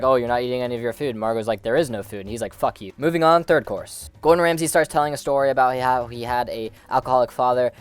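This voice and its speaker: Fast-talking sarcastic man recapping a movie. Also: mid-range voice, clear, resonant tone, dry recording. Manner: sarcastic, profane, rapid-fire. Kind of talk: comedic movie recap narration.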